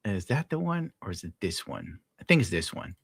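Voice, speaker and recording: A man's voice: low-pitched, big pitch swings, fairly quick, creaky, slightly rough, no room sound, clean studio sound. A man livestreaming, reading chat and ranting in a rambling, profane way with frequent laughs. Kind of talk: casual livestream rant.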